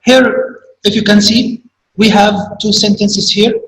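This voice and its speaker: A man teaching a grammar lesson, speaking slowly and repeating key words for emphasis. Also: high-pitched, level tone, slight background noise. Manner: slow, repetitive, stresses key words. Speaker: high school English teacher. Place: classroom. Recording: echoey room, voice from a distance.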